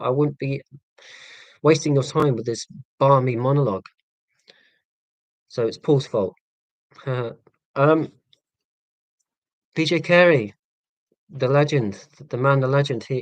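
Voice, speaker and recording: A man's voice: mid-range voice, no room sound, low-quality recording. A man in his forties with a Hampshire accent, chatting casually with viewers on his live stream in a rambling, self-deprecating, sarcastic way, full of ums and restarts. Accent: southern English, Hampshire. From England. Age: 40s. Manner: hesitant, many ums and restarts.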